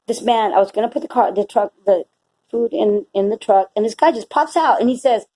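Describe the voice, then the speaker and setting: A woman's voice: fairly high pitch, a little fast, dark tone, low-quality recording. A middle-aged woman vlogging a personal faith testimony, rambling and emotional with many restarts. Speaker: Christian vlogger.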